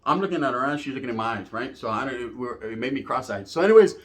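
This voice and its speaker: A man's voice: mid-range voice, animated, quick pace. A young man telling a personal story to camera in streetwise slang, full of profanity and "right?" tags. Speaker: YouTube storyteller.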